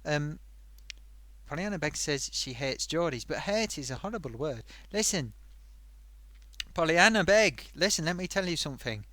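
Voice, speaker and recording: A man's voice: on the high side, animated, moderate pace, pauses often, bright, forceful tone, no echo. Man voicing a chatty sock puppet host. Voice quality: rambling, hums to himself while reading. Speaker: live stream host. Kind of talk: live stream chat reading viewer comments.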